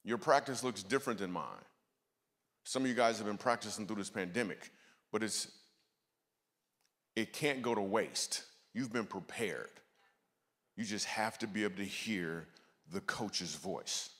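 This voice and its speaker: A man with a bright, forceful voice delivers a sermon full of jokes and stories. He talks to the crowd in quick, playful asides. His voice carries a long reverb from a church hall. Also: fairly low pitch. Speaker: guest speaker. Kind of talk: comedic sermon. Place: church auditorium.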